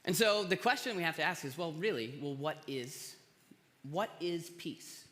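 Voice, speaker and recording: A man's voice: a little high, lively intonation, a little fast, sharp tone. A man pastor giving a casual, conversational sermon, telling stories with self-deprecating jokes. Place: large church hall. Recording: long hall reverb.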